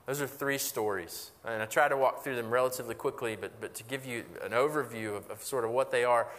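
A man's voice: medium pitch, brisk, a bit bright, long reverb tail. A pastor preaching a conversational sermon, asking rhetorical questions and often restarting his phrases.

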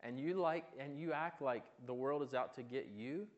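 A man's voice: mid-range voice, normal speed, highs cut off. A man preaching a sermon in a conversational way, asking his listeners questions and often restarting his words. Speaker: pastor.

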